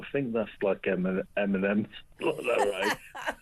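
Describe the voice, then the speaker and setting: A man's voice: fairly low pitch, moderate pace, slightly rough. A man calling in to a radio show, chatty, jokey and meandering. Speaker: caller. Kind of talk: casual phone-in chat. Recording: tinny phone line.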